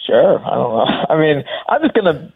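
A young professional fighter talking loosely as a guest on a radio show, rambling with lots of "like". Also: male voice, fairly high pitch, big pitch swings, normal speed, vocal fry, slightly rough, no room sound. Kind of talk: casual radio interview. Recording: tinny phone line.

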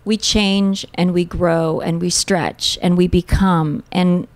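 A woman in her forties, a guest telling a personal story in an earnest, heartfelt way with tender pauses. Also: lowish voice, fairly even intonation, no room sound. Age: 40s.

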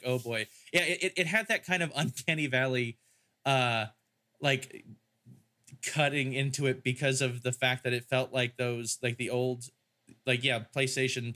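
A man chats through a film review in a loose, rambling way. He often restarts his thoughts and leans on fillers. His voice has a bright, forward ring at a middle pitch. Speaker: podcast host. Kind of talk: casual film-review chat.

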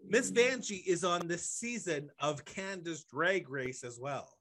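A man's voice: on the high side, expressive, measured pace, a bit bright. A man co-hosting a casual podcast chat, joking and sarcastic, with rambling asides. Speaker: podcast co-host.

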